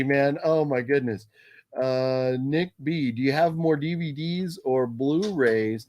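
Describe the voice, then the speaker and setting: A man hosts a casual live stream from a room in his home with his movie collection, chatting loosely, reading out viewer names, and laughing often. His voice is a little high with a darkish tone, and he's unhurried.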